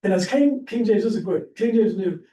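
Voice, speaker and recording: A Pennsylvania man with a high voice, dark tone, and lively intonation talks fairly quickly while teaching history informally at church. He's chatty and meandering, often restarting and using fillers. The audio is echoey and distant, with a faint hiss.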